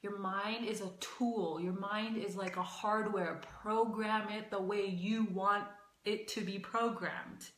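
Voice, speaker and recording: A woman's voice: medium pitch, steady tone, slow pace, fairly bright tone, echoey room. A young adult woman teaching as a life coach in a casual livestream, talking emphatically and repeating phrases, a bit out of breath.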